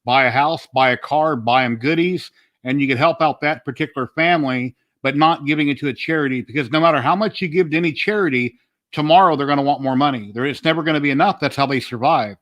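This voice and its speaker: A man's voice: a little high, fast talker, fairly bright tone. Opinionated man hosting a livestream. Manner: plain-spoken, opinionated. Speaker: livestream host. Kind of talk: casual chat.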